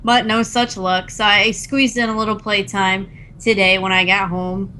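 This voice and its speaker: A woman's voice: medium pitch, flat delivery, moderate pace, pushed and bright, a little hiss or hum, rough recording. A young woman co-hosting a casual gaming podcast, chatty and laughing often, acting out game characters' lines as she tells stories. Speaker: podcast co-host.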